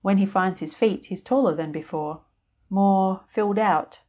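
A woman storyteller narrating a piece of fiction in a calm, even way. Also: medium pitch, unhurried.

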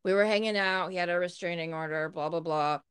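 A woman's voice: fairly low pitch, fairly quick, a bit bright, clean tone. A woman co-hosting a podcast, telling a personal story in a candid, blunt way and swearing freely. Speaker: podcast co-host. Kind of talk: casual storytelling.

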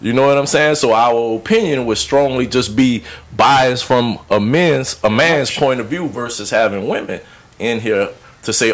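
Male podcast co-host, animated storyteller, mid-pitched. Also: moderate pace. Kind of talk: casual chat.

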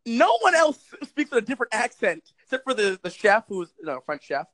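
A young man with a high voice talks in a loose, rambling way. He swears freely, laughs often and fills his talk with "like". The sound is dry and close, with no room echo. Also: sing-song, brisk, a bit bright. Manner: rambling, profane, laughs often, many filler likes. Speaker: podcast co-host. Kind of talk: casual chat.

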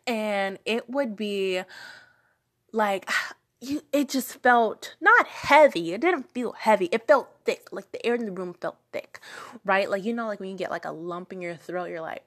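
A woman's voice: medium pitch, fairly bright tone. A young woman from Charleston, South Carolina, with a light Geechee accent, telling her story casually with many fillers and repeated lines. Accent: light Gullah Geechee, Lowcountry South Carolina. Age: young adult.

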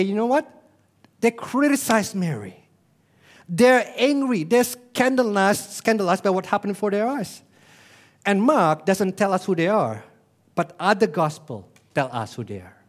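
High-voiced preaching man. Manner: emphatic preaching with rhetorical questions. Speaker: pastor. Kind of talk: sermon.

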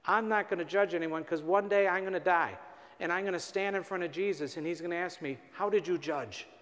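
A man's voice: high voice, a little fast, a bit bright. A man, a priest, giving a storytelling sermon at a parish mission and acting out the dialogue with rising emphasis. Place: large church. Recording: long reverb of a church.

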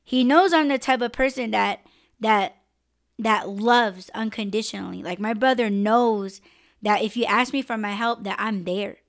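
A woman's voice: fairly high pitch, measured pace. A woman hosting a live-stream podcast, talking candidly and emotionally and swearing freely. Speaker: podcast host.

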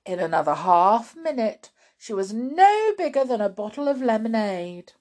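Expressive woman reading a children's storybook. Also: medium pitch, measured pace, hardly any pauses. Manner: expressive, dramatic narration. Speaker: storybook reader.

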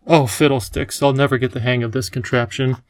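A man voicing a wise, playful elderly male professor who talks in a gentle, enthusiastic teacherly way. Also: medium pitch, fairly even intonation, a little fast, dry recording, close to an everyday voice. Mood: kindly.

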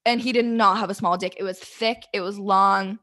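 A woman's voice: medium pitch, steady tone, normal speed, fairly bright tone. A young woman telling a candid, rambling story to the camera, flustered and close to tears, swearing freely.

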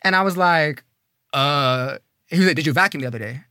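A man telling a personal story in a casual, animated way, swearing often and swinging between fast bursts and dramatic pauses. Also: a little high, no room sound, clean studio sound. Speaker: coding program student telling a story.

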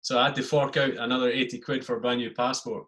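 A man hosts a podcast and tells old army stories in casual talk. He swears freely and acts out the voices of the people in his anecdotes. His voice sits at an average pitch. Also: flat delivery, fast talker, fairly bright tone. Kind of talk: casual storytelling.

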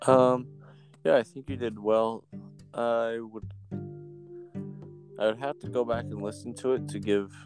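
A man's voice: medium pitch, steady tone, a little slow, pauses often, a little mellow, soft background music. A man chatting casually about voice acting, using many fillers, and also reading a novel aloud. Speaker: amateur voice actor.

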